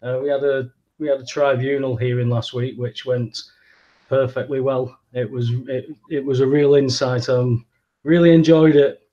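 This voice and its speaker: A man's voice: medium pitch, fairly even intonation, moderate pace, dark tone. Blunt man, dull sound. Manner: blunt, scornful, swears a lot. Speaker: podcast co-host. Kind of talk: casual chat.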